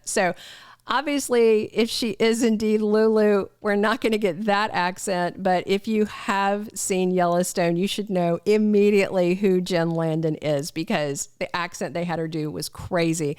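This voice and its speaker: A woman's voice: lowish voice, clean tone, no echo, studio quality. A middle-aged woman hosting a soap opera news show, chatting casually and gossipy, talking straight to her viewers. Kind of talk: casual spoken news chat.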